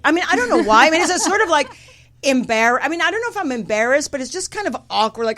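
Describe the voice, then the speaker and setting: A woman hosting a talk podcast, her voice a touch gravelly and pitched a little high. She chats loosely, laughing often and teasing herself as she goes. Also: very animated, fast talker, fairly bright tone. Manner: chatty, laughing, self-deprecating. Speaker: podcast host. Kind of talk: casual chat.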